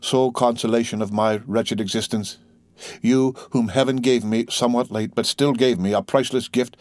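A man's voice: mid-range voice, steady tone, normal speed, a little mellow, dry recording, lightly acted. Dying old priest, weak and fading, slipping to a whisper in a dry close read, as the male reader puts him on. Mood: solemn. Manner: faint, fading, at times whispered.

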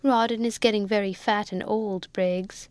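A woman's voice: mid-range voice, steady tone, normal speed, clean tone, no room sound, close to an everyday voice. A woman voicing a scornful rich old spinster. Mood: disdainful. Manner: scornful, imperious. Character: sharp-tongued rich old spinster aunt, peevish.

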